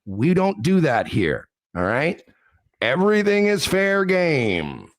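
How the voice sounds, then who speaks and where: A man hosting a radio show, teasing a caller in a sarcastic, drawn-out way. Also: a little high, huge pitch swings, no room sound, studio quality. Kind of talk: mocking talk radio banter.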